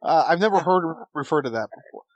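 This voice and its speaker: A man's voice: fairly high pitch, lively intonation, quick pace, no echo, muffled recording. A man co-hosting a casual podcast review, dropping wry, dry quips. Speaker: podcast co-host.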